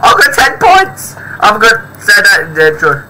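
A man commenting on his own game as he plays, excitable, often shouting and laughing. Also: sits high, normal speed, very noisy. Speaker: gaming video creator.

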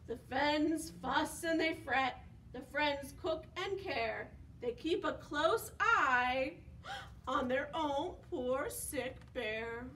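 Preschool storytime reader, woman, high and very slow, far from the mic. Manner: animated, asks kids questions, gasps for effect. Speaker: children's librarian. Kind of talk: preschool storytime read-aloud. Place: library. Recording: distant mic with faint background noise.

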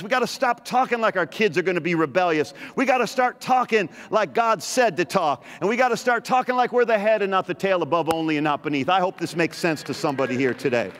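A man's voice: high-pitched, a bit bright, long reverb tail. A man preaching a sermon as pastor, emphatic and repetitive, teasing his congregation now and then. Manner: emphatic, repeats phrases, teases the congregation. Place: large church hall.

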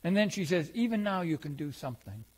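A pastor giving a reflective sermon, slowing down on key phrases and retelling a story. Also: male voice, on the high side, sing-song, darkish tone, breathy edge. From Wisconsin.

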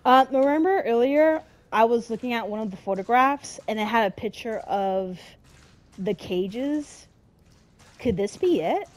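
Brief: young woman streamer, slightly high voice, slow drawn-out delivery, swears a lot, panics loudly. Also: lively intonation. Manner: swearing, dramatic, easily scared. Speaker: let's play gamer. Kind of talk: horror game commentary.

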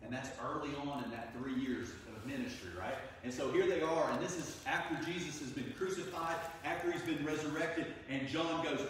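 A man's voice: on the high side, normal speed, hardly any pauses, a bit bright. A man preaching in a loose, conversational manner, slipping into short voices for the people in his stories. His voice rings with a long, echoing reverb, picked up from some distance across a large church with a faint room hum behind him. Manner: conversational storytelling, acting out voices of the people in the story. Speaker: pastor. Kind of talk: sermon. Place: church sanctuary. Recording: echoey room from far off, faint ambience.

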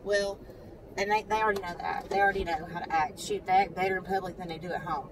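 A woman's voice: fast, recorded from a distance, noisy background. A mother, telling a story to the camera from her parked car, acting out what other people said. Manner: animated, talks to the camera, acts out others' lines in a high voice. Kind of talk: casual storytelling vlog. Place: parked car outside a credit union.

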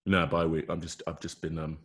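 A man's voice: a bass voice, flat delivery, a little fast, fairly bright tone. A man, a rugby player, chatting in a laid-back way with lots of fillers and trailing thoughts. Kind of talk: casual chat.

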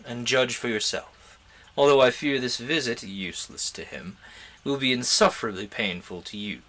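A man's voice: medium pitch, sharp tone, natural voice. A man reading a novel aloud, voicing an ambitious, haughty young nobleman in a grand, declamatory way.

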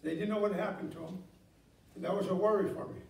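A middle-aged man preaching in a church, his voice high for a man. He tells homely stories and drives his points home with emphasis. The sound is roomy and echoing, picked up from some distance away from the mic. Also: fairly even intonation, quick pace, gravelly. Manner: folksy storytelling, builds to emphatic exhortation. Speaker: pastor. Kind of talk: sermon. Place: church sanctuary.

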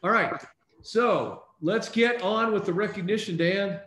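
A man hosting a casual online call, reading out names in an upbeat, brisk way. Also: high voice, fairly bright tone, echoey room. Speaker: host.

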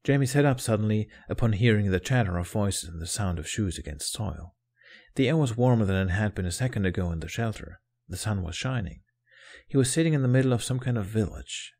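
A man narrating a fan fiction story as an audiobook, in a calm, steady storytelling manner. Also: lowish voice, vocal fry.

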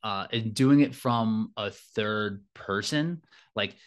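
Reflective man talking, lowish voice. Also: slow, muffled recording. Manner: reflective, keeps adding "like" and "right?". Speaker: guest, elite fitness racer and coach. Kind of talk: casual interview talk.

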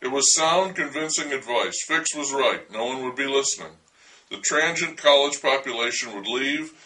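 Male storyteller, wry and dryly humorous, bright tone, set back from the mic. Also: mid-range voice, distant mic, poor audio. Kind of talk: storytelling memoir narration.

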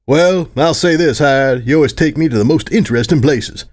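A man's voice: on the high side, moderate pace, darkish tone, lightly acted. A man voicing a cocky, sarcastic male pony soldier who smirks through his lines in a fan audiobook.

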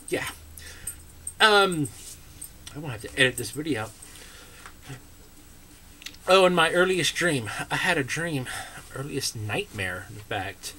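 A man's voice: fairly high pitch, bright, forceful tone. An American man telling childhood stories to camera in a casual, rambling way, full of asides and filler words. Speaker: vlogger.

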